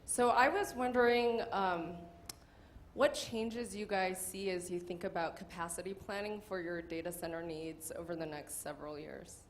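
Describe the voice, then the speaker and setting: A woman's voice: fairly low pitch, fairly even intonation, moderate pace, a little hiss or hum. A woman in the audience politely asking a question at a panel, a little hesitant.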